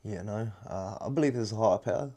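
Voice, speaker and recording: Podcast guest, man, mellow dark voice, hesitant and thoughtful. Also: lowish voice, quick pace. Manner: hesitant, thoughtful, many fillers. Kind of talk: casual podcast chat.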